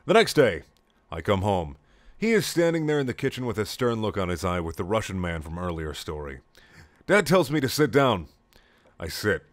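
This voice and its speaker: A young man reading a comedic story aloud in clipped, deadpan lines with sudden loud outbursts. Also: fairly low pitch, no room sound.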